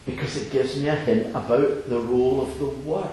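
Earnest preacher in an echoey hall. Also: male voice, medium pitch, fairly even intonation, brisk, dark tone. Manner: earnest, varied, chuckling asides. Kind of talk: sermon. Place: assembly hall. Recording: echoey hall, faint noise.

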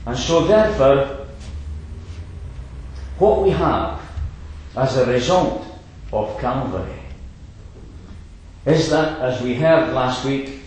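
Slow, animated preacher in echoing hall. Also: male voice, mid-range voice, a little hiss or hum. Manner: emphatic, with rhetorical asides. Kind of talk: sermon.

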